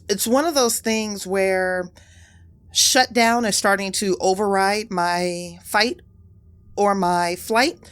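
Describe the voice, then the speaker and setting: A woman's voice: mid-range voice, a bit bright. A woman player in a tabletop game, describing her character's actions intensely and vividly.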